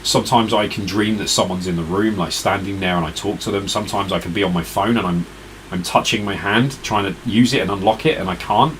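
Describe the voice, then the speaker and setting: Man, very deep voice, tired, rambling stream chat, faint air conditioning hum. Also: a little fast, fairly bright tone, low-quality recording. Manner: rambling, chatty, talks to viewers in chat. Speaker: retro gaming live streamer. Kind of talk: casual live-stream chat.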